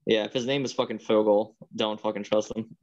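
A man's voice: fairly low pitch, fairly even intonation, brisk. A man co-hosting a casual movie podcast, rambling and laid-back with some swearing. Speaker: podcast co-host. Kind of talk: casual chat. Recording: slightly dull lo-fi sound.

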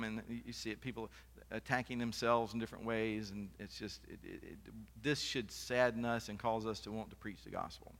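A man's voice: lowish voice, fairly even intonation, moderate pace, creaky, a bit bright. Man, pastor's sermon, chatty asides, long hall reverb. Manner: conversational preaching with off-the-cuff asides.

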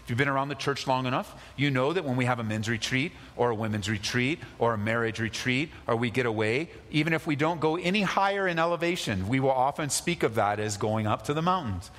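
A man's voice: mid-range voice, fairly quick, few pauses, fairly bright tone, big-room sound. A male pastor preaching a sermon, reading scripture and repeating key phrases with sudden emphasis.

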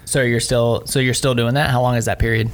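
A woman's voice: extremely low pitch, level tone, a little fast, slight background noise. A woman hosting a casual interview, asking questions in slangy talk and laughing often.

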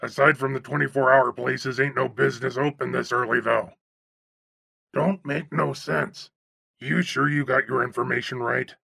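A man putting on a raspy, gravelly chain-smoking cabbie. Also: mid-range voice, fairly even intonation, moderate pace, sharp tone, no room sound, studio quality, pitched below the performer's own voice, full character voice. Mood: folksy chatter. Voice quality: raspy, phlegmy. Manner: chatty, folksy, drawling. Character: gregarious overweight chain-smoking male cab driver. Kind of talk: audiobook character voice.

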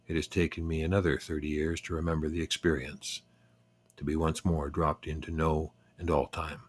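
An older man narrating a personal memoir in a reflective, unhurried, wry way. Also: rumbling low, slightly rough, dry recording. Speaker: storyteller.

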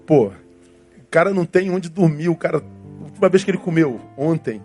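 A male pastor with a Brazilian accent preaches at a quick clip, his voice sitting a little high. He tells the story animatedly, with colloquial asides, while soft guitar plays behind him. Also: animated. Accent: Brazilian Portuguese. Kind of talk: sermon storytelling.

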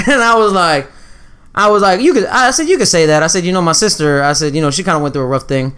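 A man's voice: high voice, fast talker. A man in a casual chat who tells stories by acting out everyone in them. His voice swings up and down as he does the quotes, and he breaks into laughter often. He talks loose and profane. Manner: animated, acts out quotes, laughs often, swears.

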